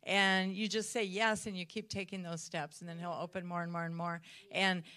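Bright-voiced animated woman panelist. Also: fairly low pitch, normal speed, dry recording. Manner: animated, laughs while speaking. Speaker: panelist in church ministry. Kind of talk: encouraging panel talk.

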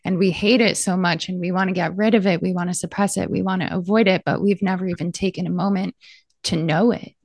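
A woman hosting a reflective podcast conversation, a soft listener who affirms her guest. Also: on the low side, steady tone, fast, gravelly, no echo, clean studio sound. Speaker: podcast host.

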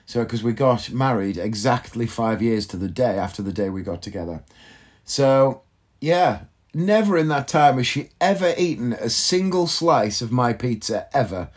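A man's voice: mid-range voice, lively intonation, normal speed. A man, likely in his thirties, telling a rambling, self-mocking comic story on his podcast and swearing casually. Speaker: podcast host. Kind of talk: casual comedic monologue.

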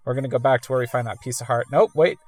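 A woman's voice: rumbling low, very fast, a little mellow. A woman casually commenting while playing a video game, chatty and self-amused. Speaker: let's-play gamer.

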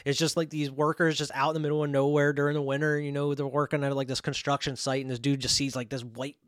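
A man's voice: on the high side, flat delivery, fast talker, a bit bright, dry recording, studio quality. A young man giving a casual, rambling film review, full of "you know" and "like" fillers. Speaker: movie reviewer.

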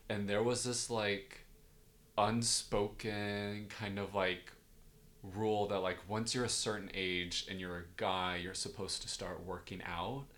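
A man's voice: on the low side, steady tone, unhurried, a bit bright. A young man co-hosting a podcast, talking casually and self-deprecatingly with many fillers. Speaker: podcast co-host. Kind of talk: casual chat.

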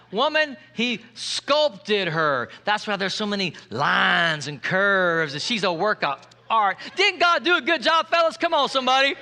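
High, bright-voiced joking preacher man. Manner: playful, joking preacher who calls for audience responses. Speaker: pastor. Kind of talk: sermon.

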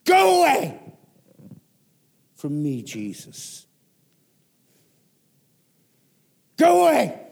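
A man voicing a horde of screaming male demons, shouting in a high strained voice. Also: wildly swooping pitch, takes it slowly, gravelly, big-room sound, full character voice.

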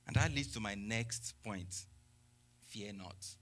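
A man's voice: fairly low pitch, slow pace, fairly bright tone. A man preaching a sermon who reads scripture aloud and explains it with rhetorical questions and exclamations of praise.

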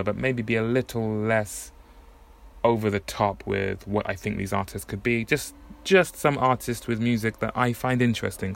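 Man, podcast host, casual monologue, low pitch, gravelly, self-correcting. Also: fairly bright tone. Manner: conversational, thinking aloud with frequent self-corrections. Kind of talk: casual solo podcast monologue about new music.

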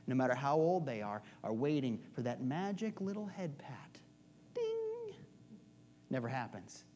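A man minister giving a conversational sermon in a storytelling way, moving between loud emphasis and hushed asides. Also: high-pitched, a little hiss or hum.

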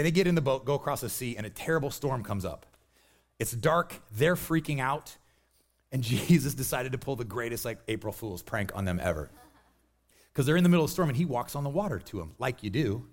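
A man's voice: medium pitch, expressive, brisk. A man preaching a sermon, telling the story with energy and acting out the voices he quotes. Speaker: pastor.

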